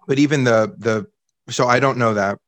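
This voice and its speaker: A man's voice: medium pitch, normal speed, a bit bright, dry recording. A man co-hosting a casual podcast, thinking aloud with frequent restarts and repeated words. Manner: hesitant, restarts and repeats while working out a point.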